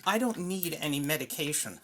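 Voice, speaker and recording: A man's voice: on the high side, lively intonation, a little fast, heavy background noise, lightly acted. A man playing a bitter, defiant male mental patient in an amateur one-man reenactment. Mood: indignant. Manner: bitter, resentful, later shouting.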